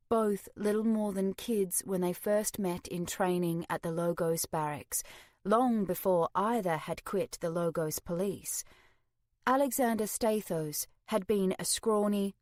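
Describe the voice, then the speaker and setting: A woman reads a horror audiobook in a slow, unhurried, measured way. Her voice sits on the low side and is recorded close and dry, with no room sound. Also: a little mellow, no echo. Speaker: audiobook narrator. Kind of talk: scripted narration.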